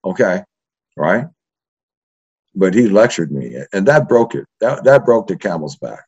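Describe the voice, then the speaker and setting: In a husky, low-pitched voice at a measured pace, an older East Los Angeles history professor shares profane stories of his youth during a casual interview. Animated, he tags nearly everything with "right?"; the recording is dull and lo-fi.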